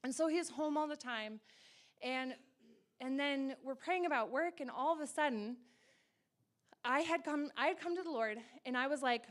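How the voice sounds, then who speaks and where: A woman in her thirties telling a personal faith story in casual talk, laughing often and acting out quoted lines in excited bursts. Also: high-pitched, normal speed. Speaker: guest sharing her testimony.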